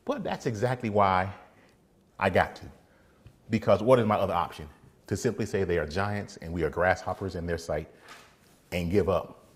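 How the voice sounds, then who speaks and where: A man, a defense attorney, giving a casual motivational faith talk, animated, laughing often and acting out little scenes. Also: fairly low pitch, husky.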